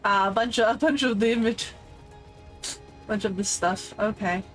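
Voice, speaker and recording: A woman's voice: medium pitch, normal speed, faint music behind, rough recording. A young woman streaming a game, commenting live and swearing freely as she talks back at it.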